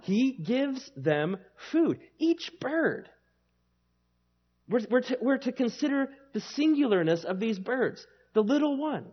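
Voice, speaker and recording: A male pastor delivers a sermon with a high, very lively voice that swings up and down. He preaches in an emphatic, conversational way. The recording sounds slightly dull and lo-fi. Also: takes it slowly, breathy edge.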